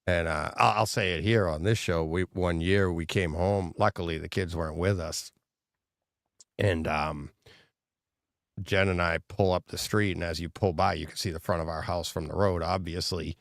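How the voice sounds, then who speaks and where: A man's voice: low voice, moderate pace, dry recording, studio quality. A middle-aged man co-hosting a podcast in casual chat, telling stories with lots of laughter and acted-out quotes. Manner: animated storyteller, laughs often, acts out quotes. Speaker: podcast co-host.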